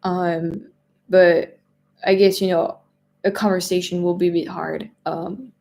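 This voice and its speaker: A woman's voice: on the low side, flat delivery, a little slow, creaky, mellow. A woman with a French accent, a native French speaker, hosting a casual live stream chat, reading viewer questions aloud, laughing often and restarting her sentences. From France. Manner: chatty, laughs often, repeats words and restarts.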